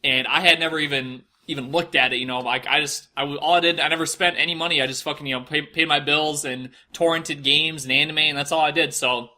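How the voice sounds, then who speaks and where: A man's voice: fairly high pitch, steady tone, fast talker, few pauses, bright, forceful tone. A young man telling a personal story in a casual monologue, rambling with lots of fillers and frequent swearing.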